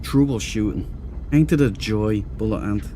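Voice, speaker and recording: Speaking at a normal speed in a mellow voice on the low side, a man casually chats with his audience during a game stream, with a little hiss or hum audible. He rambles, laughs easily, and reads out and answers the chat.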